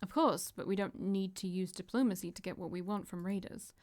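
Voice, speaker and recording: A woman's voice: medium pitch, fairly even intonation, a little fast, darkish tone, natural voice. A woman reading the lines of a stern, impatient male military leader who gives curt, dismissive orders.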